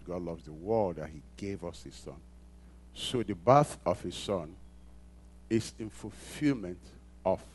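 A male pastor preaching a sermon, asking the congregation to answer back and repeating phrases for emphasis, building from quiet lines to loud emphatic peaks. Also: sits low.

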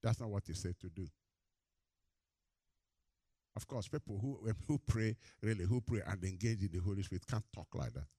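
In a dry recording, a husky-voiced man preaches at a moderate pace, pausing often. As a pastor, he has his congregation complete verse lines, and his storytelling grows animated, rising high and loud during anecdotes.

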